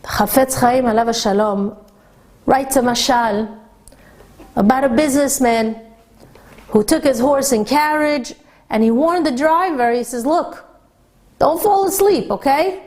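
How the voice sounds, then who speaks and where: Woman, religious teacher, Torah lesson for women, high voice, slow, deliberate. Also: a little mellow.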